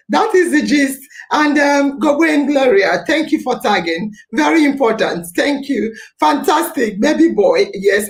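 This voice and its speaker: A woman hosting a live talk show, emphatic and animated, repeating her phrases for effect. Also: a little high. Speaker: podcast host.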